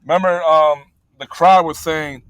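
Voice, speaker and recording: A man's voice: a little high, steady tone, unhurried, a bit bright, clear, resonant tone, dry recording, poor audio. A man in casual chat about wrestling, rambling with many fillers and blunt, profane talk. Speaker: podcast co-host.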